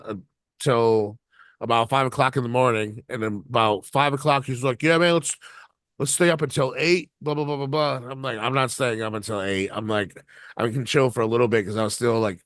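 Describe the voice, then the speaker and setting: A podcast co-host with a fairly low but fairly bright voice recounts a long, rambling, profane story, laughing along the way. It's a dry, studio-quality recording.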